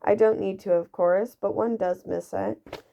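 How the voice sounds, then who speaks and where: Woman reading as a courtly old ghost gentleman. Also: medium pitch, fairly even intonation, a little slow, creaky. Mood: wistful. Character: centuries-old male ghost, courtly and wistful. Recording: dull lo-fi recording.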